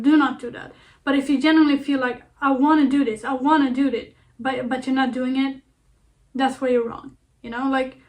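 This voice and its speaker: A young woman vlogger talking casually to camera, earnest and playful, repeating herself with lots of fillers. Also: high voice. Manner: earnest, repetitive, playful self-talk with fillers. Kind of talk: casual self-help talk to camera.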